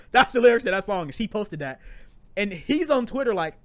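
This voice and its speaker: A man's voice: high voice, huge pitch swings, normal speed, dry recording. A young man co-hosting a podcast, talking in slangy casual chat with lots of repeats and restarts. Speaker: podcast co-host.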